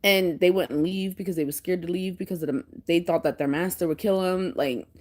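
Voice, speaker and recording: A woman vlogger telling stories in casual chat, animated and often breaking into laughter. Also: fairly low pitch, fairly quick.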